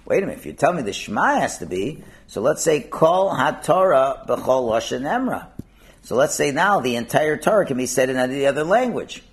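A man's voice: medium pitch, sing-song, fairly quick. A man explaining a Talmud passage, asking and answering his own questions and mixing in Hebrew and Aramaic terms. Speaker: Talmud teacher.

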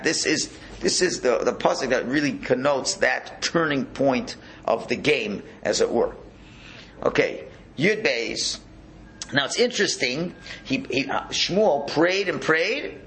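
A rabbi leads a Torah class with a lively, swooping voice. He talks casually and keeps asking his listeners questions. A faint hum of room ambience sits behind him. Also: fairly high pitch, normal speed, gravelly. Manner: animated, conversational, rhetorical questions.

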